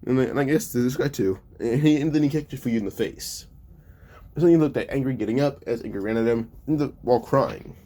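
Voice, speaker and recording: A man's voice: mid-range voice, fast talker, dark tone. A man casually narrating a fan-made story in a loose, stumbling way, often correcting himself mid-sentence.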